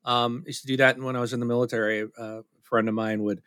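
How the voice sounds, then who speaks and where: A podcast co-host chats loosely and casually, candid and a little self-deprecating, often circling back and restarting. His medium-pitched voice is bright and forceful with a flat delivery, and he talks fast. The tone is clean and the recording dry, with no echo or room sound.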